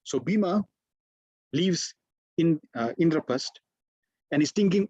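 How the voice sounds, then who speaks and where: Husky man telling a sermon story. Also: on the high side, expressive, a little slow, long pauses, a little mellow, no echo, dull audio. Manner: conversational, many fillers. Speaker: spiritual teacher.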